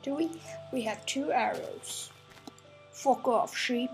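A woman's voice: sits high, slow, vocal fry, pauses often, over music, rough recording. A woman giving let's play commentary, grumbling, swearing and talking to in-game animals. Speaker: gameplay channel host.

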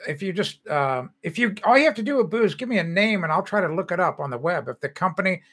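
A man's voice: a little high, a bit bright. An older man hosting a casual livestream, chatting loosely and reading out viewer comments as he greets people by name. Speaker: livestream host.

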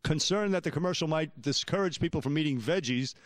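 A man's voice: on the high side, brisk, no echo. A middle-aged man co-hosting morning radio, reading news items and cracking jokes. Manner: wisecracking, reads items aloud. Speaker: radio co-host and newsreader.

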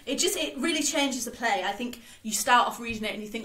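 A woman co-hosting a podcast, chatting casually about a play, animated and quick to laugh. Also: a little high. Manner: animated, laughs often, reads lines aloud. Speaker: podcast co-host. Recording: roomy echo.

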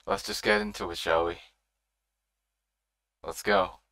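A reaction video host giving casual, expressive and profane commentary straight to the viewers. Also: sits low, measured pace.

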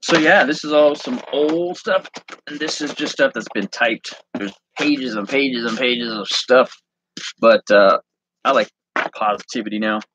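A man reading his handwritten story aloud, halting and correcting himself as he goes. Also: mid-range voice, highs cut off, background noise. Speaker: online reseller and host.

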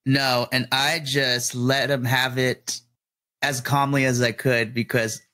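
A man, a middle school teacher, chatting casually on a podcast and telling stories in an animated way, acting out his own rants. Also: mid-range voice, slow pace.

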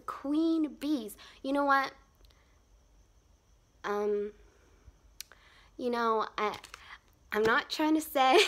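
Young female vlogger, slightly high-pitched, chatty and rambling, giggles often; casual phone live stream. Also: a bit bright. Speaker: fashion vlogger. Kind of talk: casual outfit vlog.

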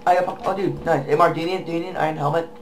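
A man chatting casually while playing a survival game with friends, joking and exclaiming loudly. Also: on the high side, racing. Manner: excitable and joking, loud exclamations. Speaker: gamer on a team.

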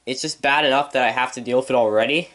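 A man's voice: medium pitch, fairly even intonation, quick pace, a bit bright. A man vlogging in a house, handheld camera, ranting and cursing in frustration. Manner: angry, swearing constantly. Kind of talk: casual vlog rant. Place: inside a house.

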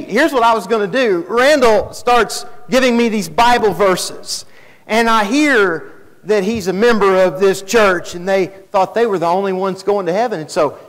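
A man telling his story in a folksy, animated sermon, acting out the dialogue. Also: high voice. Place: church hall. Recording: live church stream with long hall reverb.

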